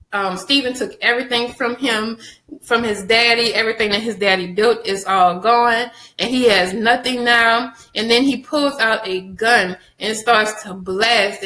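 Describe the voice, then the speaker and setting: A woman recapping a TV episode for her viewers, chatty and animated, addressing them directly and laughing often. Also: a little high, reverberant, low-quality recording. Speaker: TV show reviewer.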